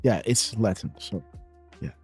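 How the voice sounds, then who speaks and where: A man's voice: lowish voice, measured pace, a little mellow, husky, faint music behind. A man hosting a live stream, chatting casually in a rambling way, with many fillers and frequent laughs. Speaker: show host.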